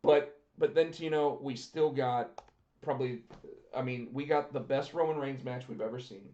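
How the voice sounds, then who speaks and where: A man co-hosting a casual chat podcast, lively and animated, often acting out what others said in quick bursts. His voice sits in a middle range and sounds dull and lo-fi, recorded in a roomy, echoey space. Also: medium pitch. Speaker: podcast co-host.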